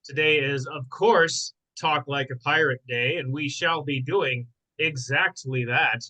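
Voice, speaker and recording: A man's voice: mid-range voice, measured pace, pushed and bright, low-quality recording. A man presiding over a board meeting, hamming it up with theatrical, mock-indignant pirate speech. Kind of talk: playful meeting chair with mock pirate talk.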